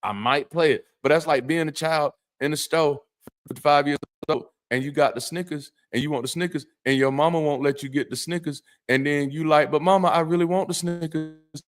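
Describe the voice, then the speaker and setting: Animated, blunt ex-pastor man hosting live. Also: fairly high pitch, normal speed. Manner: animated and emphatic, with preacherly turns of phrase and frequent restarts; blunt and slangy, swearing casually. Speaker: host of a live call-in show, former pastor. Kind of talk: livestream monologue to chat.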